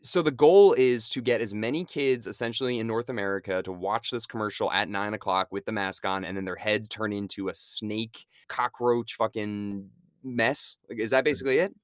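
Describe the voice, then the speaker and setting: A man's voice: lowish voice, moderate pace, no echo, clean studio sound. A young man co-hosting a podcast, talking through a movie in casual chat, swearing and laughing as he goes. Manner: animated, swears and laughs often. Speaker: podcast co-host.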